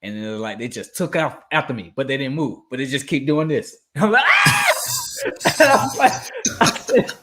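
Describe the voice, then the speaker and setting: A young man in casual chat, telling a story animatedly and acting out scenes with loud outbursts and laughter. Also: medium pitch, animated, fairly quick, faint music behind.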